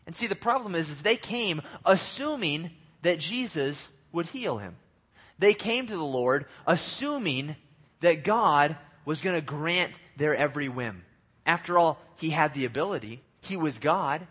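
A man delivers a sermon in a loose, conversational style, reading scripture and then talking it through with casual slang. His voice sits a little high and has a husky edge. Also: animated, moderate pace, fairly bright tone. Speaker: pastor.

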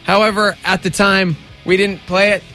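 A man's voice: sits high, level tone, normal speed, pushed and bright, faint music behind. A man co-hosting a casual morning radio show, jokey and playful, often slipping into silly voices.

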